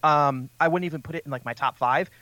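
Podcast co-host, male, slightly high voice, dry close mic; animated, rambling storyteller. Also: fast talker, no echo. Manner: rambling, animated anecdote-telling with laughter. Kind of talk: casual chat.

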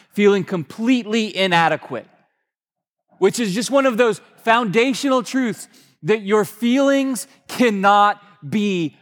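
A man pastor preaching a sermon, earnest and emphatic, rising in pitch when he presses a point. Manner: fast-paced delivery. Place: church sanctuary. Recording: long reverb of a large hall.

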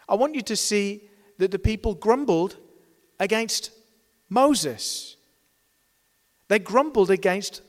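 A man's voice: sits high, big-room sound. A man preaching a sermon, earnest, asking rhetorical questions and acting out the complaints of a crowd in raised tones.

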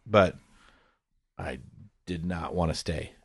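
A man's voice: low-pitched, slow, gravelly, breathy edge, no room sound, clean studio sound. A middle-aged man, an actor and comedian, telling a comic story in casual chat. He acts out quotes and laughs often.

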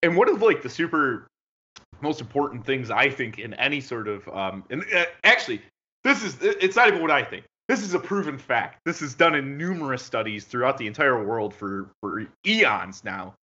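Animated man hosting a podcast. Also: medium pitch, normal speed, highs cut off. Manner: rambling questions, many fillers, animated. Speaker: podcast host. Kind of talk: casual interview chat.

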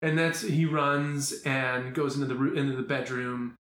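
A man's voice: medium pitch, normal speed. Chatty man in an echoey room. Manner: animated storyteller, filler-heavy, acts out quotes. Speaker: podcast guest, commercial actor. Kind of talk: casual chat. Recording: echoey room, faint ambience.

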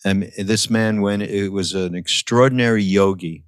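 Older male guest, very deep voice, dry close sound, reflective storyteller. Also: steady tone, normal speed, no echo. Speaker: podcast guest. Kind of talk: casual conversation.

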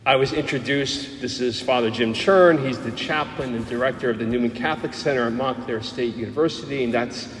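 A middle-aged man with a New Jersey accent delivers a homily from the pulpit, frank and lively, slipping humor into his stories. His voice sits in a mid register and carries into a large, echoey church with a long reverb tail. Faint ambient noise sits underneath. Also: medium pitch, brisk, hardly any pauses. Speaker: Catholic priest.

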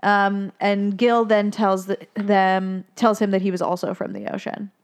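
A woman's voice: mid-range voice, little pitch movement, measured pace. A woman co-hosting a podcast, chatting casually and laughing as she retells a film's scenes. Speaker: podcast co-host. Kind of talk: casual chat recapping a film.

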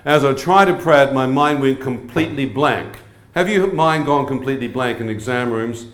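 Joking preacher in an echoey hall. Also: male voice, medium pitch, moderate pace. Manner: humorous, asks the crowd frequent questions. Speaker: preacher giving testimony. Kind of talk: lively sermon testimony to a live audience.

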